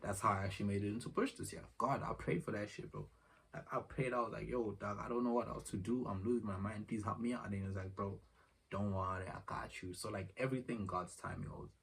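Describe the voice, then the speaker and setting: Deep-voiced young man rambling a story. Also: fairly even intonation, fast, vocal fry, a bit bright. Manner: rambling, slangy, retells exchanges in dialogue. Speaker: vlogger. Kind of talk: casual vlog storytelling. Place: room at home. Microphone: phone camera. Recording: distant phone mic, faint noise.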